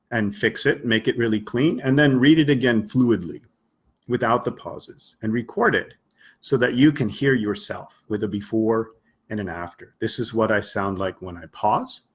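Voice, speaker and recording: Patient male English teacher, husky voice. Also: on the low side. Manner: patient, explains slowly with spoken examples and acted-out dialogues. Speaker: English teacher hosting a live stream. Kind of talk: live-stream teaching talk.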